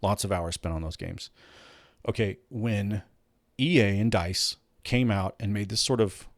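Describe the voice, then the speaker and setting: A man's voice: lowish voice, measured pace, no room sound, clean studio sound. A man hosting a casual commentary show, ranting bluntly and swearing, with many restarts. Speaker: host.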